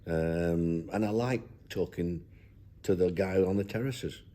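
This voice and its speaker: A man's voice: low voice, measured pace, warm tone. An older man, a football manager, talking down-to-earth in an interview and reminiscing with frequent restarts. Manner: down-to-earth, rambling with many restarts. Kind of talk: reflective interview chat.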